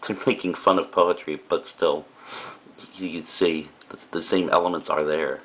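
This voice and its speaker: A man with a very low, deep voice talks through a recorded classroom lecture. He explains things casually and often stops for fillers and side remarks, like a teacher speaking to his students. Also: steady tone, moderate pace, a bit bright.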